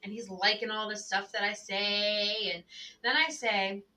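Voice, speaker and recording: A woman's voice: mid-range voice, little pitch movement, unhurried, bright, forceful tone, distant mic, low-quality recording. A woman casually telling friends a long story in a rambling way, filling her talk with "like", her voice a little away from the microphone. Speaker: tabletop game player.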